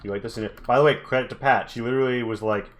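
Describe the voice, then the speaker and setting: A man who is the game master, briskly asking his players for feedback in a casual chat. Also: mid-range voice, fairly even intonation. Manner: brisk, prompting questions.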